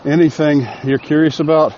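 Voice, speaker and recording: A man's voice: a little high, fairly even intonation, moderate pace, a little mellow, dull audio, slight background noise. Slightly breathless man rambling on a walk. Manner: chatty, rambling, self-deprecating. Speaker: podcast host. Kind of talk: casual solo podcast monologue. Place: outdoors while walking.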